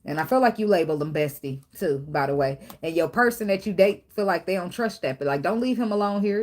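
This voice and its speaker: A woman's voice: on the low side, lively intonation, fast, few pauses, darkish tone. A woman giving a casual tarot reading, blunt and profane, talking straight to the viewer. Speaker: tarot reader.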